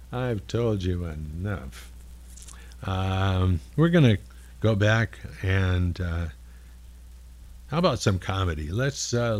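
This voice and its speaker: A man sitting in as a radio host, chatting casually in a rambling, unhurried way with pauses in a studio. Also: low voice, a little mellow.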